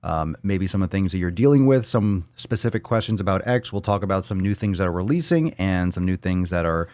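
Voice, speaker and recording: Talking fairly quickly, this fitness show host rants with a low-pitched, expressive, darkish voice during a live Q&A stream from his home video call. He's blunt, energized, and profane, and the recording is dry.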